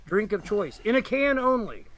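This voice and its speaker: A man's voice: sits high, big pitch swings, normal speed, a bit bright. A man co-hosting a podcast, chatting casually about a game book and rambling with lots of fillers and restarts. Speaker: podcast co-host.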